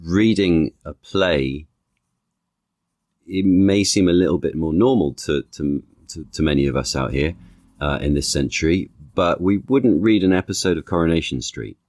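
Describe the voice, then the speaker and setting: A man, an actor and author, talking as a podcast guest in a thoughtful, halting way, piling up analogies with many restarts. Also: sits low, a little mellow, no room sound, studio quality. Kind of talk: conversational podcast interview.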